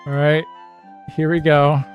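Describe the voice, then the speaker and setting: Slightly high-voiced male streamer muttering. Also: little pitch movement, a little slow, dull audio. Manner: mumbling asides, laughs at himself. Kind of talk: casual livestream chat. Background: faint background music.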